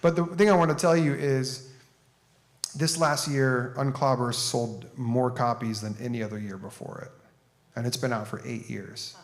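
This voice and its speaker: A man's voice: medium pitch, fairly even intonation, normal speed. Plain-spoken man telling a story. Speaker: author and speaker. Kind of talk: conference talk.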